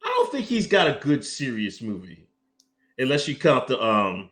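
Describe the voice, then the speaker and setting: A man's voice: medium pitch, huge pitch swings, moderate pace, a bit bright. A man co-hosting a podcast in casual chat, rambling with lots of fillers like "you know" and "man". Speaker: podcast co-host.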